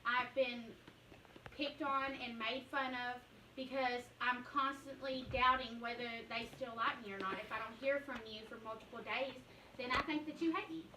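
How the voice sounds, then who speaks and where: Brief: earnest woman, high and bright, personal speech, echoey room, mic at a distance. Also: fairly even intonation, moderate pace, background noise. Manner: earnest, candid and emotional. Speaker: speaker giving a personal talk.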